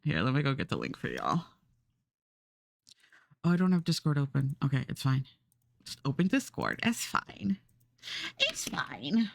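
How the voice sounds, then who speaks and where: A woman's voice: rumbling low, wildly swooping pitch, moderate pace, vocal fry, long pauses, a little mellow, no echo. A woman streamer chatting casually while she draws, rambling and laughing often. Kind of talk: casual live-stream chat while drawing. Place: home streaming setup.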